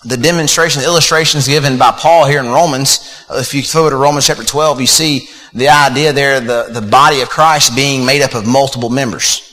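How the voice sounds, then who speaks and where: A man's voice: medium pitch, fairly even intonation, a little fast, hardly any pauses, bright, forceful tone. A man preaching a sermon in a casual, conversational way, with fillers and repeated words. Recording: long reverb of a hall.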